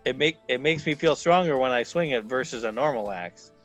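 A man's voice: medium pitch, expressive, fairly quick, lo-fi sound, soft background music. Chatty male tabletop game player. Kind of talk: playing a character in a tabletop game.

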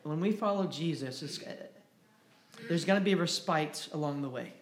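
Guy preaching a sermon, fairly high voice, gets loud and fired up, roomy echoey church sound. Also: moderate pace. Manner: impassioned, rising and loud when stressing a point. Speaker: pastor. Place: church sanctuary.

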